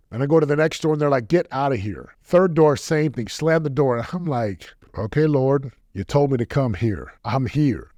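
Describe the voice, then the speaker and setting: A man in his thirties hosts a podcast and tells his personal stories in a lively way, acting out each line of dialogue. His voice sits at a middle pitch and is recorded very dry, with no room sound at all. It comes across as a motivational talk. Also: no echo. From United States. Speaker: podcast host. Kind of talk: motivational storytelling monologue.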